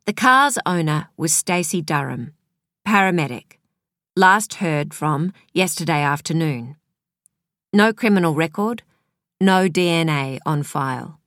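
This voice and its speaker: Slow, measured woman narrator. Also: low-pitched, dry recording, studio quality. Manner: measured, even storytelling. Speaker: audiobook narrator. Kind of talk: scripted narration.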